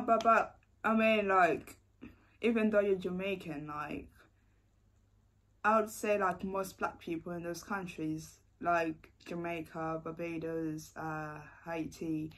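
A young British woman with a British accent, hosting a casual reaction video and chatting with plenty of "like" and "uh". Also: on the low side. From Britain. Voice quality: casual, uses fillers like "like" and "uh".

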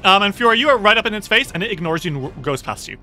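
Bright high-voiced game master. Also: male voice, big pitch swings, very fast, faint music behind. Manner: friendly, descriptive, reacts with groans. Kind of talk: narrating a tabletop game.

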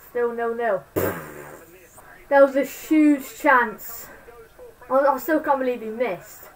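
A woman streaming live fan commentary on a football match, excitable, swinging between shouting and muttering. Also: on the high side, far from the mic, rough recording.

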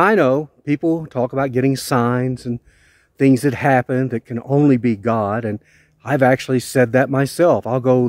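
A man's voice: mid-range voice, a little mellow, no room sound. A man from the United States speaking an earnest, heartfelt video letter in a plainspoken, questioning way. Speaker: vlogger.

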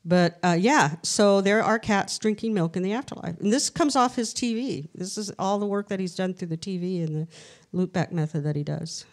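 A woman guest on a live podcast, telling stories in a chatty, animated way and acting out the voices she quotes. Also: mid-range voice, moderate pace. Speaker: interview guest, researcher. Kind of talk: casual storytelling interview. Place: live event in a castle venue.

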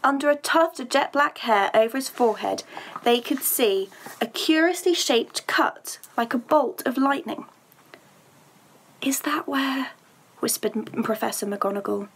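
A woman's voice: fairly high pitch, normal speed, a little hiss or hum. A woman teacher reading a story aloud to her pupils, then chatting about a task with a few hesitant fillers.

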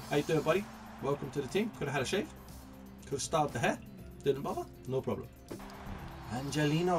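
A man commentating his own video game pack openings, chatty and excitable, greeting each new card like a friend. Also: fairly high pitch, far from the mic. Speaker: gaming YouTuber.

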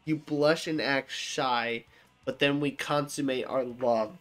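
A comedic narrator reading chat screenshots aloud, acting out both sides with wild pitch jumps and dry deadpan asides. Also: slow, faint music behind.

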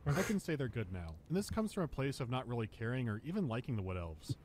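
A man reads a scripted game review at a brisk clip, his humor dry and deadpan. Faint background hiss sits under the voice. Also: mid-range voice. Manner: dry, deadpan comic delivery. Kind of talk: scripted video review narration.

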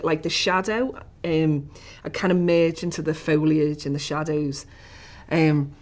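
Low-voiced Liverpool woman telling a story. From Liverpool, England. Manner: animated storyteller, rising to hushed whispers at tense moments. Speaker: interviewee. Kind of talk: recounting a personal story.

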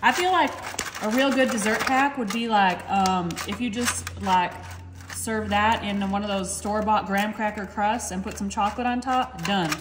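A woman's voice: mid-range voice, normal speed. A woman hosting a casual cooking demo in a home kitchen, chatting to viewers and calling them y'all. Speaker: cooking channel host. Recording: echoey kitchen with faint noise.

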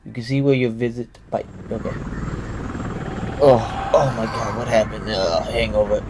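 A man's voice: fairly low pitch, flat delivery, normal speed, noisy background. A young man playing a video game and commenting as he goes, joking and talking back at the characters. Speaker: gameplay commentator. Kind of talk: let's play commentary. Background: game music.

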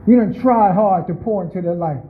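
A man's voice: high-pitched, fairly quick. A pastor preaching a chatty, conversational sermon. He asks the congregation questions and calls on listeners by name. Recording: tinny, phone-like lo-fi recording.

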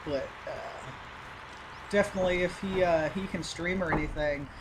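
This man has a high, steady voice and talks at a normal speed, rambling casually through gameplay commentary like an easygoing gaming YouTuber who uses plenty of filler. Loud game engine noise, truck engine rumble, and game sounds play behind him.

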